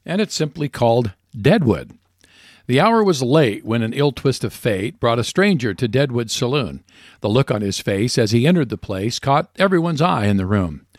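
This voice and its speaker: A man hosts a radio program and recites rhyming cowboy verse with a steady, measured cadence. His voice sits in a middle register. The sound is close and dry, with no room echo. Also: medium pitch. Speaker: radio host. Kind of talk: reciting cowboy poetry and reading ads.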